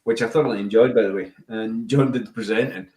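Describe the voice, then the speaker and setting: A man giving measured, analytical views as a podcast guest in casual chat. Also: medium pitch, fairly even intonation, darkish tone, far from the mic. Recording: echoey room, away from the mic.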